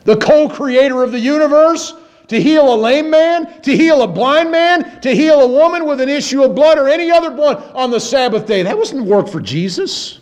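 A man preaching a sermon, moving from low, musing passages to raised, emphatic ones. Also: animated, moderate pace, darkish tone. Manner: dramatic, swings between low musing and high emphatic preaching.

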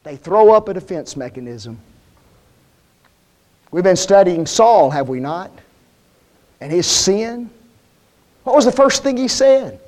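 A male preacher with a high voice that swoops up and down as he talks. He keeps the sermon folksy and plain-spoken and throws question after question at the congregation. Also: very animated, takes it slowly, pauses often, a little mellow. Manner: asks the congregation frequent rhetorical questions.

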